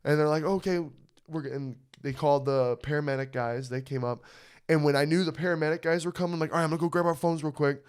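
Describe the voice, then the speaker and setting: A man co-hosting a podcast, telling a story in casual chat. He sounds animated and swears freely. His voice is smooth and clear, pitched a little high for a man. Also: quick pace. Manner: animated, swearing, frequent "you know what I mean". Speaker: podcast co-host.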